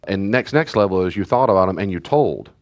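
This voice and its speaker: With a deep voice and lively intonation, a middle-aged pastor moves briskly through a teaching talk for church parents. He chats rather than lectures, repeating important phrases and acting out what a parent and a child might say.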